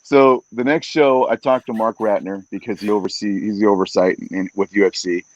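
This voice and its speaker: A man who works as a fight announcer, a podcast guest telling stories in a casual, animated way and acting out what other people said. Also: lowish voice, a little fast, no room sound. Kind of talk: casual storytelling in a podcast interview. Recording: dull, dry podcast audio.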